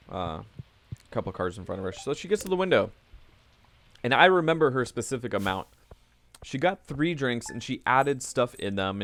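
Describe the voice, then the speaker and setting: A young man chatting casually while playing a game, rambling and trailing off mid-sentence as he tells stories from work. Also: lowish voice. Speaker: gaming video creator. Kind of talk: casual gameplay commentary with storytelling.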